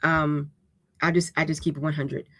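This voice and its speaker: A woman's voice: sits low, flat delivery, normal speed, a bit bright, no echo. Woman host of a live-streamed writing lesson; raw, plainspoken, keeps asking "okay?". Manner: casual and direct, checks in with "okay?"; unapologetically raw way of speaking.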